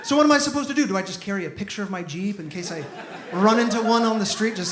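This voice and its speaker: High-voiced man doing stand-up. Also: quick pace, a crowd in the background. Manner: deadpan storytelling with bursts of mock outrage. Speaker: stand-up comedian. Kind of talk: stand-up comedy set. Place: comedy club stage with a live audience. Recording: echoey room with noise.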